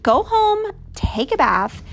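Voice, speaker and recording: A woman reading aloud plays a prim, bold librarian from a picture book. She speaks firmly and properly in a high, animated voice, slowly and clearly. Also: full character voice. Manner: firm and proper.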